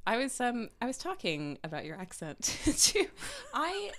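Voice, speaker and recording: A woman's voice: on the high side, huge pitch swings, a little slow, a bit bright. A woman in her thirties, a podcast guest chatting casually, hesitant with many ums and restarts. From California. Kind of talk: casual chat.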